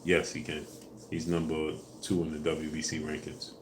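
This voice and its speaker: A man hosting a casual live stream, answering viewers in a relaxed way with fillers, louder when asking for likes. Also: very deep voice, normal speed, background noise. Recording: echoey room with faint ambience.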